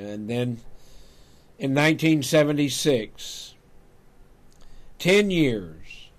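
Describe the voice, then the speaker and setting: An older man, hosting a talk show and telling a folksy personal story, growing animated when he quotes himself. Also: mid-range voice. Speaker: radio talk show host. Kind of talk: storytelling monologue.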